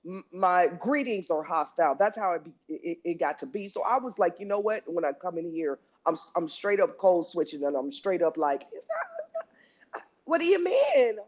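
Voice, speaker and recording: A woman telling workplace stories in a casual, animated way, often restarting sentences and acting out what people said. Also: lowish voice, a little fast, few pauses. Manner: animated, with many restarts and acted-out quotes. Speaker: guest speaker. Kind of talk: casual storytelling. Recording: lo-fi online audio room.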